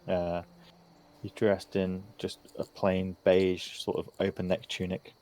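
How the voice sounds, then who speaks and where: A man narrating as game master, relaxed and hesitant with frequent fillers. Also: deep voice, takes it slowly. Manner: relaxed, hesitant with many ums.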